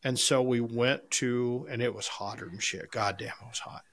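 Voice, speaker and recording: A man's voice: mid-range voice, fairly even intonation, moderate pace, a bit bright. A man co-hosting a barbecue podcast, telling rambling anecdotes in a casual, salty, storytelling way. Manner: rambling anecdotes with frequent restarts, salty language. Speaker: podcast co-host and competition barbecue cook.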